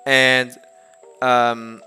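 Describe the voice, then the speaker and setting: A man's voice: mid-range voice, monotone, drawn-out words, clear, resonant tone. A man from the United States, a streamer telling a long casual story, rambling with lots of fillers and restarts. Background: soft background music.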